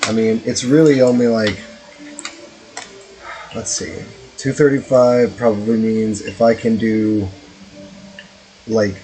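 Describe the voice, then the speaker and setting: Brief: male let's-play streamer, mid-pitched, rambling and profane, light hiss behind him. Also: darkish tone, rough recording. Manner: rambling, profane, joking asides. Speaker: streamer playing a strategy game. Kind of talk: casual let's-play commentary.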